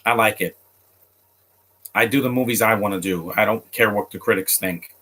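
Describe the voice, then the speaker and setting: A man chatting casually to his live viewers as he reacts to a film. He rambles, trips over his words and restarts sentences often. His voice sits a little low but sounds bright and forceful. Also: moderate pace, slightly rough. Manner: chats directly to viewers.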